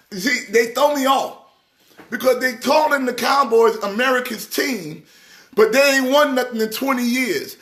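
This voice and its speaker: Man, middle-aged, from new york, high-pitched voice, casual live-stream sports chat, teasing, preacher-like calls. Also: a little slow. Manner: animated, teasing, preacher-like exhortation. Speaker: church organist hosting a live stream.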